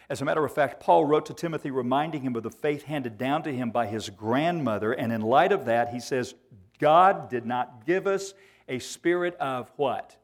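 A man delivering a sermon from a church pulpit. He drives his points home by repeating phrases. He slows right down on the words he wants to land. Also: mid-range voice. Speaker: preacher.

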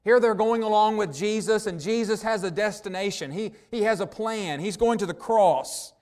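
High-voiced man preaching earnestly. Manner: earnest preaching, slows down for emphasis. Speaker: pastor. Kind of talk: sermon.

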